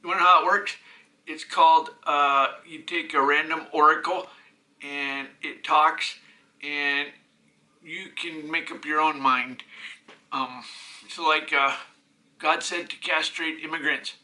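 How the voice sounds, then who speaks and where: Guy ranting to his own camera, bright sharp voice, swears a lot, keeps restarting. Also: a little high, steady tone, measured pace, rough recording. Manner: agitated, profane, rambling with many restarts. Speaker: self-recording programmer. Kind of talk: rambling self-filmed monologue.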